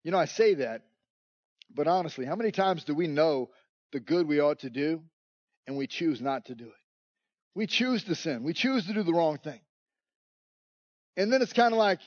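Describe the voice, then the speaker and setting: A man's voice: a little high, expressive, moderate pace, long pauses, darkish tone, no room sound, dull audio. A man preaching a sermon, telling the story dramatically and acting out the scenes. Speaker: pastor.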